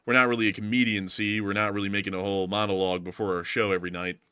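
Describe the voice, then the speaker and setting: A man's voice: on the low side, racing, smooth, no echo, clean studio sound. A man hosting a war news show, giving casual, joking commentary over battle footage. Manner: joking, animated, self-mocking.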